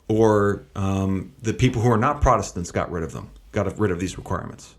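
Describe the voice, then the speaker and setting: A man's voice: fairly low pitch, expressive, a little fast, few pauses. A man hosting and giving commentary, emphatic and full of rhetorical questions. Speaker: host.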